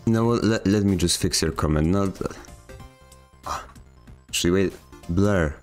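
A man hosting his channel, reading viewer comments aloud and mocking them with deadpan, slangy sarcasm. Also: low-pitched, measured pace, faint music behind. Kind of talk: comedic comment-reading vlog.

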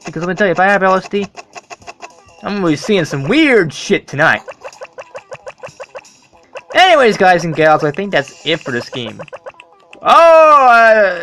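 A gamer commenting casually while playing, excitable and swearing, with loud startled outbursts. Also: mid-range voice. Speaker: let's play gamer.

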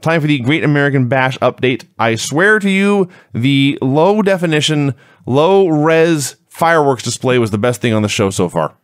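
A man's voice: a little high, expressive, normal speed, no echo. A man co-hosting a wrestling review podcast, recapping events in a dry, sarcastic way. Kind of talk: casual chat, recapping.

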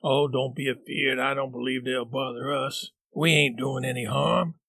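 A man's voice: medium pitch, fairly even intonation, moderate pace, creaky, sharp tone, no echo, clean studio sound. A man voicing a nervous boy who whispers earnestly and tries to stay brave. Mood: nervous hush.

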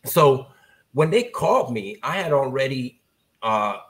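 A man as a podcast guest, telling a story in a casual, animated way and acting out the voices of people he quotes. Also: mid-range voice, measured pace.

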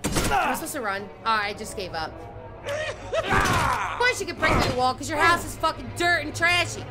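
A young adult woman streamer giving loud live commentary on a horror game, swearing often and yelping and screaming. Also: sits high, sing-song, normal speed. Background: game music.

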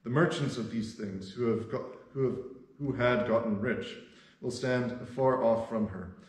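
A man's voice: mid-range voice, unhurried. Man reading scripture in an echoey room. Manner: steady reading with occasional fillers. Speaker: pastor.

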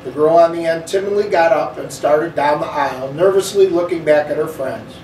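Expressive man reading a storybook, higher voice, echoey room, faint ambience. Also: brisk, a little hiss or hum. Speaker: school superintendent reading a children's book. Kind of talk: storybook read-aloud. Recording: echoey room, slightly distant mic.

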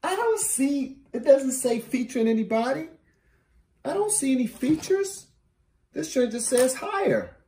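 A host reacting to a rap song in casual commentary, who talks in an animated, slangy way and repeats phrases. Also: sits high, measured pace, a little hiss or hum. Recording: roomy echo.

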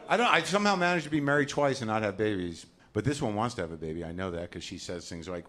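A man's voice: on the low side, animated, fast talker, crowd noise. Neurotic ranting man doing stand-up. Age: 40s. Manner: neurotic, ranting, acts out voices loudly. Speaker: stand-up comedian. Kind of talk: stand-up comedy set. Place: comedy club stage with audience laughter.

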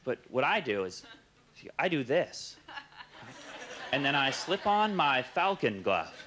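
Young Canadian man, hesitant deadpan comic, mid-pitched, live club recording with room noise. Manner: halting, hesitant, many uhs and restarts. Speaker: stand-up comedian. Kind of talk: deadpan stand-up set. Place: comedy club stage with audience laughing.

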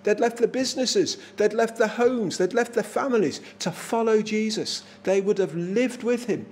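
A man's voice: high voice, moderate pace, a little mellow. A man with an English accent preaching a sermon in a small church, earnest and emphatic, repeating his phrases for effect.

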